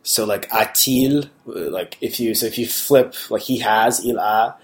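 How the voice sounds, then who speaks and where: A man with a lowish voice talks in a casual chat. He is curious and asks questions, often stopping to restart with fillers. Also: unhurried. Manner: inquisitive, many fillers and restarts. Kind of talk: casual conversation.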